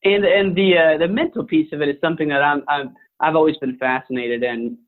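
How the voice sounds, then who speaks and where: A man's voice: fairly high pitch, steady tone, brisk. Curious male interviewer on a tinny line. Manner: curious, hesitant questioner with many likes and restarts. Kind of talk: podcast interview.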